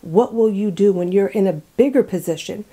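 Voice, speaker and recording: A woman recounts a personal story in a relaxed, conversational way. Her voice sits in a middle pitch and has a warm, mellow tone. She laughs often and slips into soft, hushed asides. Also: fairly quick, breathy edge.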